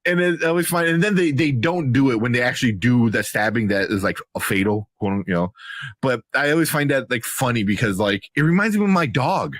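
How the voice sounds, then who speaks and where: A man co-hosting a movie talk show, swinging his pitch widely as he riffs and laughs. He often slips into playful mock voices for characters. His voice sounds dry and close to the mic. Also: lively intonation, brisk, a bit bright, dry recording. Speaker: podcast co-host. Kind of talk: casual movie review chat.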